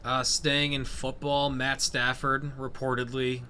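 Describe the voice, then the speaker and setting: A man's voice: medium pitch, little pitch movement, a little slow, bright, forceful tone, a little hiss or hum. A man co-hosting a casual sports podcast, bringing up news items and cracking jokes. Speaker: podcast co-host.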